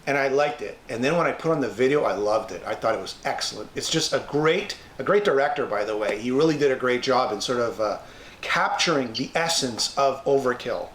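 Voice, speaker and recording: A man's voice: mid-range voice, lively intonation, fairly quick, fairly bright tone, roomy sound, a little hiss or hum. A man from Canada hosting an interview, effusive and gushing with praise. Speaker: interview host. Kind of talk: casual interview.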